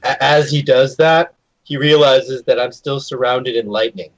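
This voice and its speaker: A man's voice: mid-range voice, unhurried, no room sound, lo-fi sound. A man playing a tabletop game, talking casually with lots of fillers and eager calls to act. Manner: hesitant, filler-heavy, eager. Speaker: player.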